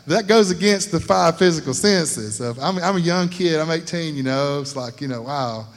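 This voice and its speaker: Man, middle-aged, folksy testimony sermon, slightly high voice, echoing church hall. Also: lively intonation, normal speed. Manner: folksy storytelling, often asks "you know what I'm talking about". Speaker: lay speaker at a church service.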